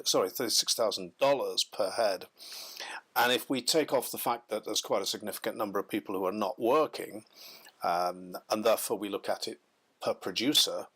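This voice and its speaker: A man from the United Kingdom giving a measured, explanatory business lecture over slides, with frequent ums and self-corrections. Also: on the low side, fairly bright tone.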